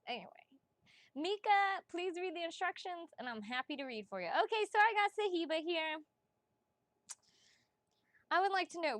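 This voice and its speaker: A woman with a high voice chats her way through a psychic reading livestream, bubbly and prone to giggling between quick asides. Her voice sits close and dry on the mic at home, with no room sound around it. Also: fairly bright tone, no room sound. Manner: bubbly and giggly, chatty, talks fast with asides. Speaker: psychic reader, livestream host. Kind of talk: casual livestream chat.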